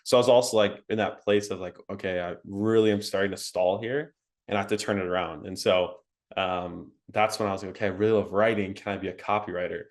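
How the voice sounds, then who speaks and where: A young man telling his story as an interview guest, animated and laughing, full of "like" and "um". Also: low voice, fast talker. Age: young adult. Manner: animated, laughing, frequent fillers like "like" and "um".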